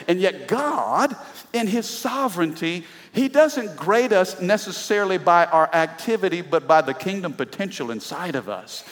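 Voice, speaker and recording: Animated high-voiced preacher in a hall. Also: male voice, normal speed. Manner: animated preaching with sudden shouts and laughs. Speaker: pastor. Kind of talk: sermon. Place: church sanctuary. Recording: long reverb of a large hall.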